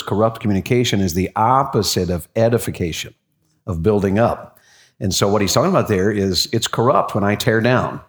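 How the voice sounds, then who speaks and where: A man leading a church class, folksy and encouraging, asking the room for verses. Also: lowish voice. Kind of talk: interactive sermon.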